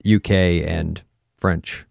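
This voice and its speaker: A man's voice: low voice, fairly even intonation, very slow, creaky, darkish tone, no room sound, studio quality. A man co-hosting a podcast in casual, joking, playful banter. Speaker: podcast co-host. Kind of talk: casual chat.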